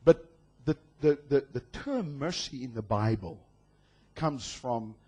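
A man from South Africa preaching a sermon, reading scripture slowly and shifting between quiet asides and loud, passionate proclamations. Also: mid-range voice, animated, breathy edge. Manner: draws out scripture quotes slowly. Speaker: pastor.

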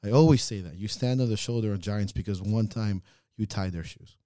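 Low voice guy co-hosting a podcast, earnest, gets ranty and loud, dead dry mic. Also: fairly quick, dry recording. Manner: earnest, swings into loud laughing rants. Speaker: podcast co-host. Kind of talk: casual reflective chat.

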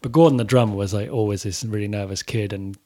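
A man's voice: lowish voice, fast, dark tone. A man telling a casual story about touring with his band, swearing freely and acting out the quotes. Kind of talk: casual anecdote.

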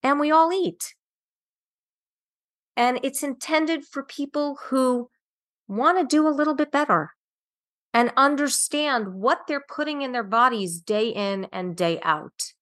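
A woman's voice: high-pitched, fairly bright tone. A woman nutritionist speaking earnestly as a podcast guest, emphatic and dotted with "um" fillers. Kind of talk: podcast interview.

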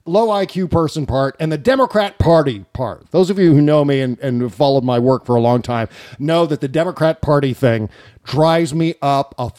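A man's voice: a little high, normal speed, a little mellow, dry recording, clean studio sound. A man hosting a political podcast, ranting with indignation and swearing freely. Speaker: podcast host. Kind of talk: political talk show banter.

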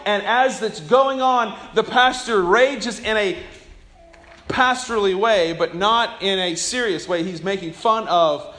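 A male pastor delivers a sermon in a fairly high voice. He swings from hushed, low passages up to shouted emphasis. He often doubles back and repeats words as he presses his point. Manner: impassioned preaching, swings between hushed and loud; repeats words and restarts lines.

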